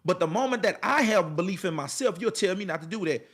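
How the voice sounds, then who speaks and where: A man's voice: high voice, lively intonation, quick pace, a bit bright, breathy edge. A man giving an emphatic, colloquial motivational talk to the camera, repeating his lines in a preacher-like cadence and speaking straight to his viewers. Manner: colloquial, addresses viewers directly.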